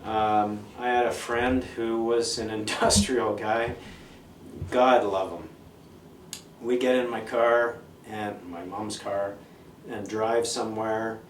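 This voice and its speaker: A middle-aged man, a punk musician being interviewed, talking in a blunt, profane, animated way. He tells stories in a casual monologue. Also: on the low side, slow pace. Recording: echoey room, mic at a distance, faint noise.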